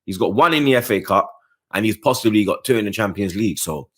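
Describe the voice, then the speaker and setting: A lower-voiced man runs through the weekend's football in a loose, slangy match review. He talks straight to the listener, keeps checking that they follow him, and his pitch climbs sharply when something matters to him. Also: animated, quick pace, slightly rough. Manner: slangy, keeps adding "blood, you get me"; passionate, rising pitch on key points. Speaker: football fan channel host.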